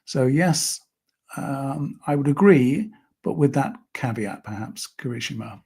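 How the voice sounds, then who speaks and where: A man hosting a live-stream discussion, speaking in a measured, thoughtful way and reading out viewer comments. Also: medium pitch, lively intonation, vocal fry, a little mellow, slightly rough. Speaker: host.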